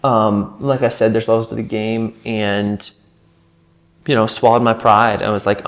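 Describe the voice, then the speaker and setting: A man's voice: lowish voice, little pitch movement, moderate pace. A man talking casually to camera in a vlog, rambling and leaning heavily on filler words. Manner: rambling, heavy use of filler "like". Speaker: vlogger. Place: rented house.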